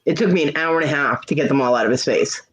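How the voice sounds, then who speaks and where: A man's voice: on the high side, fast talker, a bit bright. A man hosting a casual livestream chat, telling stories candidly and swearing freely. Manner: candid, swears freely, acts out quoted lines. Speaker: livestream host. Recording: dull lo-fi stream audio.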